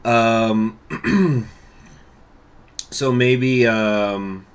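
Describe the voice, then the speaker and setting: A man giving casual let's-play commentary on a strategy game, thinking aloud, with hiccups, coughs and throat clearing. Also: medium pitch, extremely slow. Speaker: gaming YouTuber.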